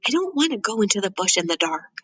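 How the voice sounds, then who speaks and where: A woman reading an audiobook, voicing a cautious, reluctant young girl in a higher, pleading tone. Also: very animated, quick pace, a bit bright, breathy edge, distant mic.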